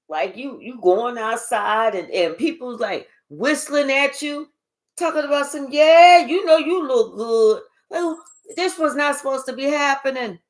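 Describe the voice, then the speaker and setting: A woman giving a casual spiritual reading, talking in an animated, profane way and acting out quoted voices. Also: a little high. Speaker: spiritual reader. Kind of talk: casual live reading monologue.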